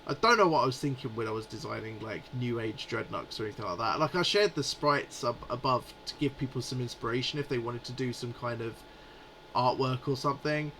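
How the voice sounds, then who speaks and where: A man's voice: medium pitch, a little fast, fairly bright tone, slight background noise, poor audio. A man in his forties hosting a live stream, chatting in a rambling, amused way. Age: 40s. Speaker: livestream host. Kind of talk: casual live chat.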